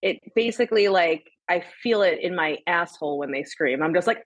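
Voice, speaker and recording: A woman in her thirties, a guest on a casual podcast, with a husky voice recorded dry and close. She talks bluntly and animatedly and swears without a second thought. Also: lowish voice, animated, fairly quick, no room sound, rough recording.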